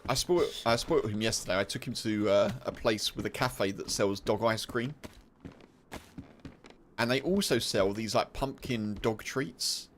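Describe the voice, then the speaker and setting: A man's voice: fairly low pitch, normal speed, fairly bright tone, slight background noise. A British man chatting casually while streaming a game, rambling, laughing and full of fillers.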